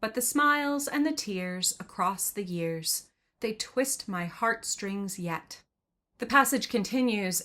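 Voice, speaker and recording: Woman reading a novel aloud with commentary. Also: medium pitch. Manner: thoughtful, conversational, with expressive reading. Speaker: podcast host.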